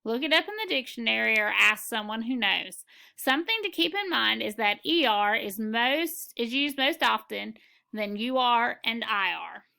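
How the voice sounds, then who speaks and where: A woman's voice: on the high side, animated, normal speed, gravelly, sharp tone. A woman teaching a phonics lesson, patiently sounding out letters and reading words aloud for learners to repeat. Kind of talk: slow, clear classroom instruction.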